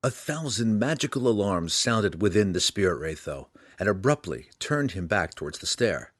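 Lively low-voiced male audiobook reader. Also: normal speed, dry recording, clean studio sound. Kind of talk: fantasy audiobook narration.

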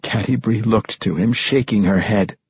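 A man reading a fantasy audiobook in a measured, dramatic storytelling manner. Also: lowish voice, breathy edge, no room sound, highs cut off. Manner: measured, dramatic storytelling that lifts for tense moments. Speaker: audiobook narrator. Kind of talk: scripted fantasy audiobook narration.

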